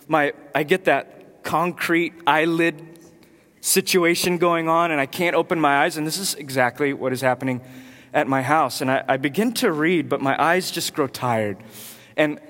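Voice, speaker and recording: A man in his thirties preaching a sermon, telling a personal story with animated delivery. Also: a little high. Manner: storytelling, animated, with loud acted outbursts. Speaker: pastor. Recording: long hall reverb.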